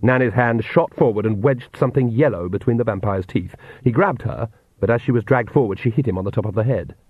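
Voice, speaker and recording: A man reading a novel aloud in measured scripted narration. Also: on the low side, dry recording. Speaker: audiobook narrator. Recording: tinny phone-like dry sound.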